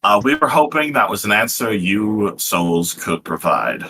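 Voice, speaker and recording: A man's voice: fairly low pitch, expressive, unhurried, pushed and bright, husky, heavily acted. A man voicing a proud, cold snake woman who talks down to others. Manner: haughty, cutting.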